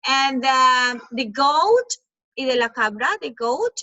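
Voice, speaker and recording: Over a video call, an English teacher who grew up speaking Spanish runs an online lesson for children. She coaxes them along, repeats words with patience and mimics animal noises in a high, sharp, animated voice at a slow pace. There's no echo, and the high frequencies are cut off.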